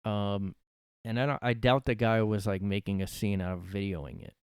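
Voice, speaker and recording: A man's voice: lowish voice, steady tone, normal speed, smooth, no room sound, clean studio sound. Sarcastic, profane young man ranting. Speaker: podcast host. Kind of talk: casual solo podcast rant. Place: his own room.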